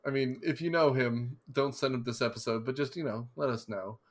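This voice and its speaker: A man co-hosting a podcast, talking in loose, rambling casual chat full of jokes and digressions. His voice sits at an ordinary middle pitch. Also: fairly quick. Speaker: podcast co-host.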